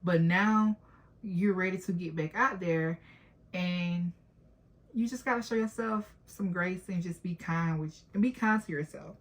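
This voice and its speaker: Vlogger, woman, late 20s, lower voice, open and heartfelt, speaks directly to camera. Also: measured pace. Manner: candid, emotional, talks straight to viewers. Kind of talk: personal vlog talk.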